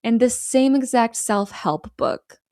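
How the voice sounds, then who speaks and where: A young woman co-hosting a casual chat, retelling a film scene by scene and quoting its characters in quick bursts. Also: a little high, no echo, studio quality. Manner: animated storyteller, quotes characters in quick bursts. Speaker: podcast co-host recapping a film.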